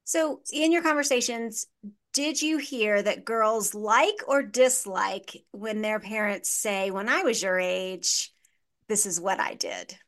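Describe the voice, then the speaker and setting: A woman hosting a podcast asks open questions at a middle pitch. She keeps her delivery even and measured as she steers the talk. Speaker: podcast host. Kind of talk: interview questions.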